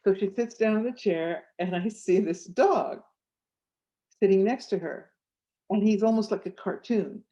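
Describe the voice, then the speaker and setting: A woman author and clairvoyant telling stories in an interview, animated and acting out the voices in her anecdotes. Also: mid-range voice, measured pace, dull audio. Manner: animated, acts out voices in anecdotes, laughs often. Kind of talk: storytelling interview chat.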